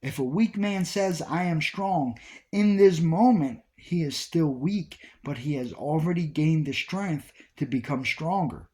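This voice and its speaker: A man's voice: a little high, unhurried, darkish tone. A man giving an informal Bible study talk, repeating key phrases with emphasis as he preaches. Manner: repetitive, emphatic preaching with restarts.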